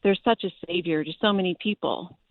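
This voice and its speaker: A woman calls in over a tinny phone line. Her voice sits a bit low, and she talks politely with small hesitations. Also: fairly quick, no room sound. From Boston area. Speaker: caller.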